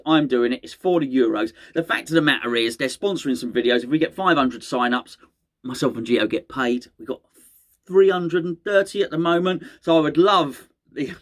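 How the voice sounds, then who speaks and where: A middle-aged man, hosting a fan channel in rambling, chatty solo talk that often corrects itself mid-sentence. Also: fairly high pitch. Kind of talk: casual solo fan chat to camera.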